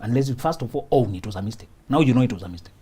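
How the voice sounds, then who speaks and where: Man, relationship talk show host, husky, lively pitch, laughing, preachy repetition. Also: rapid-fire. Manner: laughs often, acts out little scenes; preachy, repeats points for emphasis. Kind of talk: studio advice talk.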